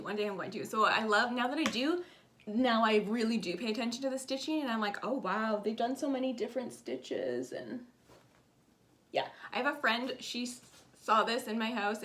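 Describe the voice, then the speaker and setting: A woman's voice: fairly high pitch, fairly bright tone. Chatty woman vlogging about stitching. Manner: chatty, rambling, self-deprecating. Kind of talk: casual chat.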